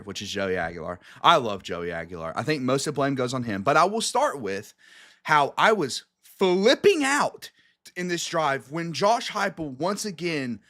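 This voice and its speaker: Young male co-host, emotional and exclamatory, lively pitch swings, casual sports talk. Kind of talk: casual sports podcast chat.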